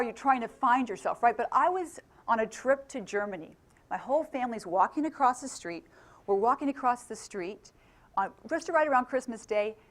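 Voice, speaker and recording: A middle-aged woman from England giving a motivational talk to a live audience. She keeps asking the crowd questions and laughs often. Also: fairly high pitch. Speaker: motivational speaker.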